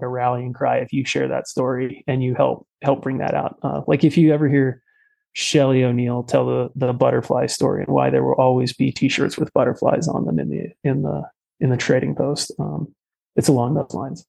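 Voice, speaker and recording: A man's voice: mid-range voice, fairly even intonation, normal speed, gravelly, mellow, poor audio. A man telling a story in a casual, rambling way, with many fillers and restarts. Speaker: podcast guest.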